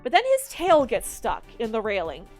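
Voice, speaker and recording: A woman giving casual movie commentary in an animated, exasperated, rambling way. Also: a little high, normal speed, soft background music. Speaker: video commentator.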